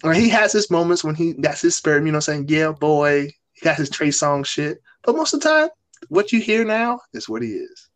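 A man hosting a casual podcast chat, animated and teasing his co-host. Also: fairly high pitch, a little fast.

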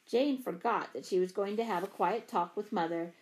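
A woman narrating a children's story aloud, with expressive shifts in pitch and volume. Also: a little fast. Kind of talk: storybook reading.

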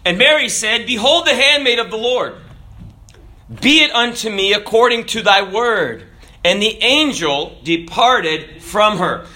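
A man preaching a sermon. He tells a joke in storyteller fashion, then reads scripture, often letting his voice fall low and soft at the ends of lines. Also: animated, unhurried. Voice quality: dramatic drops in pitch and volume at line ends.

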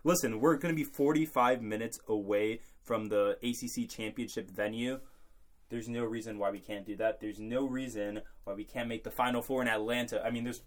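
A man's voice: mid-range voice, steady tone, fairly quick. A young man co-hosting a casual sports podcast, chatty and laughing often. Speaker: podcast co-host.

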